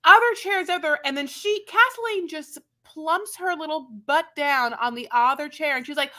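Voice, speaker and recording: A woman's voice: high voice, normal speed, few pauses, pushed and bright. A woman co-hosting a casual recap chat, rambling loosely with lots of fillers and laughs. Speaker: podcast co-host.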